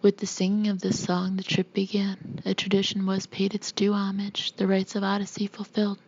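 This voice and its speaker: A woman reading a novel aloud in a soft, hushed whisper, as a whispered audiobook reading. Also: mid-range voice, monotone, normal speed. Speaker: narrator. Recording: dull muffled recording.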